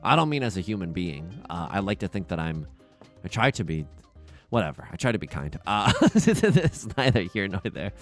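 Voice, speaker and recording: Soft music runs beneath a young man doing casual, dramatic, self-deprecating let's play commentary on his own game. He swings widely in pitch at a moderate pace, lurching from quiet muttering to loud outbursts.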